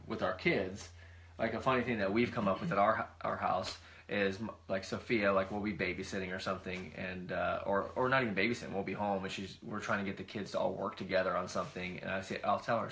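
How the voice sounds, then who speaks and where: A middle-aged man with a gravelly, bright-edged voice, chatting casually as a co-host. His delivery is easygoing and rambling, with frequent restarts. His pitch sits a little on the low side. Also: steady tone, brisk. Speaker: podcast co-host. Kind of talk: casual conversation.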